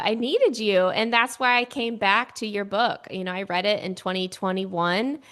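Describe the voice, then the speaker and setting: A woman hosting a podcast interview, speaking warmly and gushing, with laughs. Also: mid-range voice, clean tone. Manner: unhurried, gushing, laughs, faith-centered mom talk. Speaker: podcast host.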